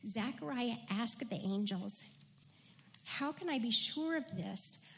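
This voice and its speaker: A woman's voice: a little high, expressive, takes it slowly, creaky, low-quality recording. A woman reading scripture and preaching a sermon in an earnest, reflective way.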